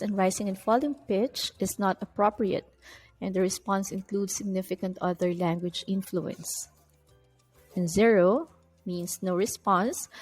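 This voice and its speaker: A woman's voice: mid-range voice, poor audio. A woman teaching an English test-prep lesson in an explanatory way, stressing key terms as she goes. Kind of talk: recorded lecture.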